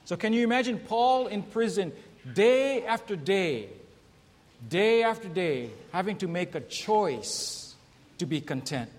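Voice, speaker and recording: A male pastor delivers a sermon in a somewhat high voice, speaking to his congregation and pausing to ask them questions. His words ring out with a long reverb, as if he were in a large church sanctuary. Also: expressive. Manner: preachy, asks the congregation questions, reads scripture aloud; tells jokes in raised voices for the characters.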